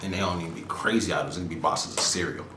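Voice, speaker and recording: A man hosting his own podcast, ranting casually in slangy, laid-back talk with animated asides. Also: low-pitched, racing, roomy sound, noisy background. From Florida, USA. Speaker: podcast host. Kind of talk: casual solo commentary.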